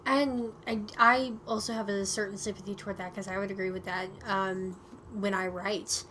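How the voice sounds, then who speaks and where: A woman co-hosting a podcast in casual chat, telling stories in an animated way and giggling often. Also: mid-range voice, moderate pace, slight background noise. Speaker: podcast co-host.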